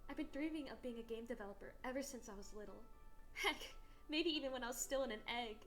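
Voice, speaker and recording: A woman's voice: on the high side, quick pace, fairly bright tone, soft background music, lightly acted. A woman voicing an earnest young dragon girl. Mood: determined. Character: young female dragon, anxious but hopeful dreamer. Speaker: visual novel character.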